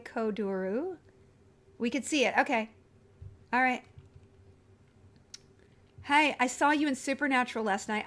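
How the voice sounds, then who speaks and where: A woman's voice: high-pitched, fairly bright tone. A woman live-streaming a video game in casual, chatty talk, scattered and reading viewer comments aloud as she goes.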